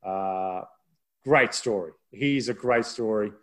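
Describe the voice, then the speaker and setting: A man's voice: fairly low pitch, takes it slowly, fairly bright tone. Male rugby commentator, chatty storyteller, self-deprecating, casual podcast tone. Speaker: rugby broadcaster.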